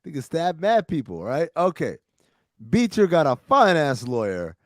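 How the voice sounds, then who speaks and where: A man hosting a podcast, retelling TV episodes in a casual, profane, animated way with plenty of quoted dialogue. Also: on the high side, normal speed, no room sound, clean studio sound. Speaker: podcast host recapping a TV series. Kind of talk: casual recap chat with friends.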